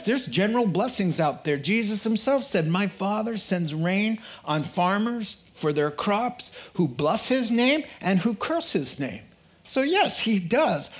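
A pastor preaching a sermon in an animated way, acting out quotes and voices with humor. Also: male voice, high-pitched.

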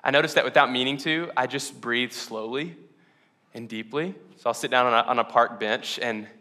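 A man's voice: medium pitch, normal speed, pushed and bright, slight background noise. A man preaching a casual, conversational sermon to his congregation, laughing often and asking them questions. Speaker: pastor.

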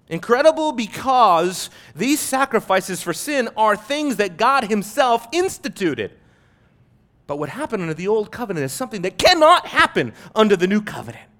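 Male pastor mid-sermon, high voice with wide rises and falls, emphatic and repetitive. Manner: emphatic preaching with repeated phrases and swings in loudness.

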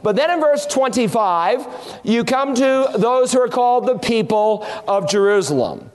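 High-voiced man preaching. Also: animated, normal speed. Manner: emphatic, explanatory, rhetorical questions. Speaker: pastor. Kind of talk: expository sermon.

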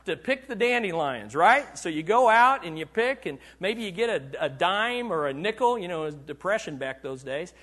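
A man delivering a sermon from the pulpit in a high, light voice. He puts questions to his congregation and waits for them to answer. He moves between punchy, raised lines and quiet, intimate stretches. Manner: preaching that swings from loud bursts to hushed, confiding lows. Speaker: pastor.

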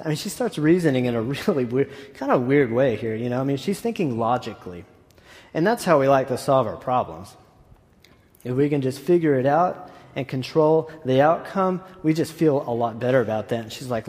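A man's voice: medium pitch, animated, normal speed, a little mellow. A man preaching a sermon as pastor in a casual, enthusiastic way with asides. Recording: echoey hall.

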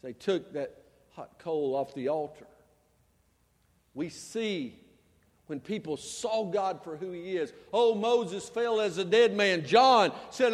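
High-voiced preaching pastor in a reverberant hall. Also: male voice, sing-song, slow pace. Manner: preaching with big swings between loud and hushed. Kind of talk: sermon.

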